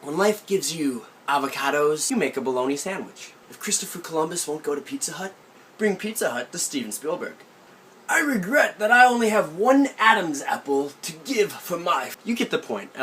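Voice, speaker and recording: A young man with a fairly high, lively voice spins a childhood tale in a playful, mock-serious way, swinging his pitch up and down for comic effect. A faint hum of ambience sits behind him. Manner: animated, playful deadpan storytelling. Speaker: vlogger. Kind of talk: comic storytelling vlog. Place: aunt's country house.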